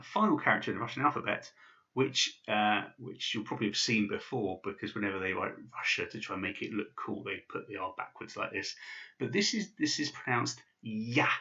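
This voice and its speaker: A man's voice: lowish voice, vocal fry, pushed and bright, dull audio. A man teaching basic pronunciation in a casual video lesson, with many fillers and restarts. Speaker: language teacher.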